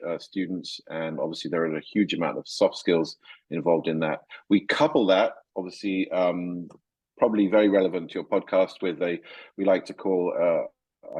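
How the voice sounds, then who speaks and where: A man being interviewed as a nonprofit chief executive, explaining in a measured way with frequent ums and uhs. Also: deep voice, a little mellow, husky, dry recording, poor audio. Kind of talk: interview answers.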